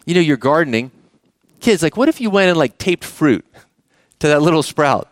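A man's voice: on the high side, lively intonation, moderate pace, long pauses, no echo, studio quality. A man preaching a sermon as the church's pastor, talking conversationally and often asking the congregation questions.

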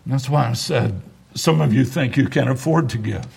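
A man's voice: medium pitch, normal speed, vocal fry, darkish tone, slightly rough. A man preaching a sermon as pastor, driving points home with emphatic repetition and wry asides.

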